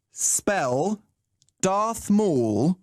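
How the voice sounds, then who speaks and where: A man's voice: high-pitched, sing-song, extremely slow, slight background noise. A young man co-hosting a radio show, bantering playfully with sarcastic, theatrical outbursts. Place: radio studio.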